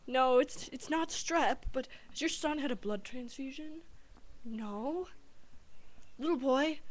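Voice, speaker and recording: A woman voicing a solemn cartoon doctor in a mock-grave, slow delivery. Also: high voice, pitched above the performer's own voice, rough recording.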